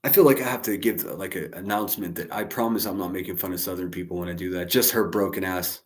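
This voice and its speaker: A man's voice: sits low, fast talker. Profane, sarcastic male streamer. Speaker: streamer reacting to a clip. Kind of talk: live-stream commentary.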